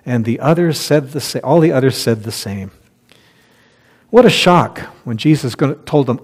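A man's voice: mid-range voice, animated, moderate pace, a little mellow. A man preaching a conversational sermon as pastor, reading scripture aloud and laughing at his own slips. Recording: long hall reverb.

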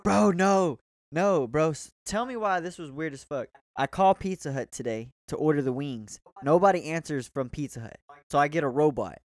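A young man in casual chat, slinging swear words and "bro" through a rambling story. His voice sits a touch high and is recorded close and dry, with no room sound at all. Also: moderate pace, dry recording. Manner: loose, profane storytelling, says "bro" constantly.

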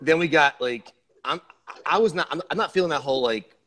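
Bright, excitable joking man. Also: fairly high pitch, fairly quick. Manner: excitable, joking, stumbles and repeats words. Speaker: podcast guest. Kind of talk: casual chat.

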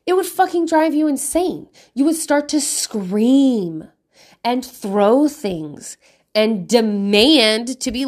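Blunt, swearing mom of five. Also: female voice, a little high, a little mellow. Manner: candid and profane, laughing often. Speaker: mother of five giving parenting advice. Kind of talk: casual monologue.

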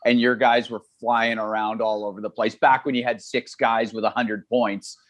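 A man hosting a casual interview, asking relaxed questions in quick strings. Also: medium pitch. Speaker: podcast host, interviewer.

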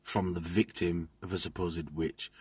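A man chatting casually, telling things in a slow, playful way. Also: low-pitched, level tone, darkish tone, husky, dry recording. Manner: slow, playful storytelling with comic voices. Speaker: community member. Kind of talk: casual chat.

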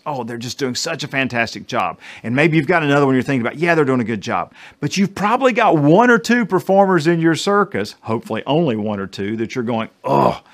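A middle-aged man with a North Carolina accent giving a motivational presentation, joking and speaking straight to his listeners. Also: mid-range voice. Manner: animated, jokey, addresses listeners directly. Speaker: keynote speaker.

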